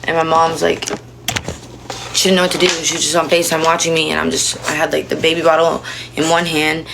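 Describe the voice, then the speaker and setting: A woman's voice: deep voice, level tone, a little fast, creaky, background noise. A young woman in her twenties, talking through a rambling, emotional confession on a phone stream from home. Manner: rambling, emotional, many fillers. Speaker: livestreamer. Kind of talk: confessional casual talk.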